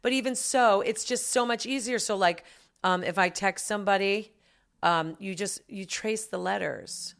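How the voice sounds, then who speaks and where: A woman's voice: medium pitch, normal speed, creaky, a bit bright. Gushing woman co-host, chatty. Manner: gushing, enthusiastic, emphatic. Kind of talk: casual podcast chat.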